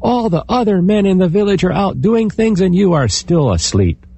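A man voicing a wife who scolds her lazy husband in a raised, husky voice. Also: high voice, sing-song, moderate pace, dark tone, dry recording, pitched above the performer's own voice, exaggerated voice. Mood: scolding.

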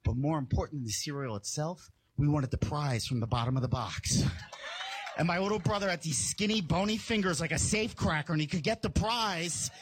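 A man doing a stand-up routine, telling a story in an animated way and jumping into squeaky voices for the people he quotes. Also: fairly quick. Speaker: stand-up comedian.

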